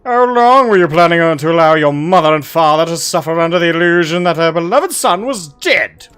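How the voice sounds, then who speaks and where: A man voicing a pompous, proud older goldsmith and father with a booming, declamatory delivery. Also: animated, brisk, fairly bright tone, clean tone, soft background music. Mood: stern.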